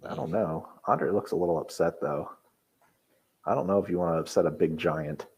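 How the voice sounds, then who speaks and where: A man with a very low, husky voice offers wry, laid-back remarks on an old wrestling match. He often hesitates and reaches for his words with fillers. His tone stays easygoing and dry. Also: fairly quick, a little mellow. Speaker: podcast co-host. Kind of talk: casual commentary over a wrestling match.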